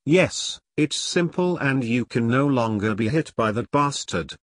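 A man voicing a cranky old male pumpkin elf who speaks in an angry, gruff old man voice. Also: mid-range voice, lively intonation, unhurried, dry recording, studio quality.

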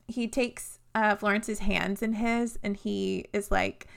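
Young woman, podcast co-host, mid-pitched gravelly voice, upbeat casual chat. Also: steady tone, slow pace. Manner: enthusiastic, laughs easily, chatty. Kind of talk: casual book discussion.

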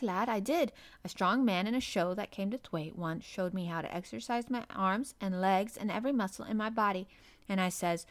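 A woman's voice: medium pitch, a bit bright, close to an everyday voice. A woman voicing a friendly, earnest farm boy with a broad Yorkshire accent in a storybook reading. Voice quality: broad dialect, homely.

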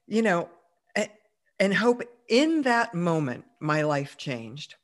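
A woman's voice: on the low side, big pitch swings, slow pace. A woman as an interview guest, chatting through a personal story with plenty of fillers and easy laughs. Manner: chatty, many fillers, laughs while telling.

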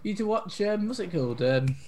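A man co-hosting a podcast in casual chat, excitable and quick to burst in. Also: sits high, a loud crowd. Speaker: podcast co-host.

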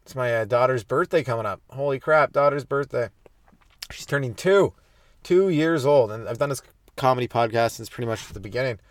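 A young adult man hosting a comedy podcast, stoned and rambling loosely through jokes with sudden animated bursts. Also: medium pitch, brisk. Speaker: podcast host.

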